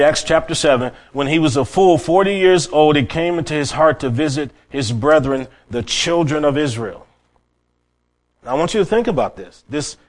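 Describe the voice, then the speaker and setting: A middle-aged man preaching a sermon, telling stories and often restarting his words. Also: mid-range voice. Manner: storytelling with many restarts and repeated words.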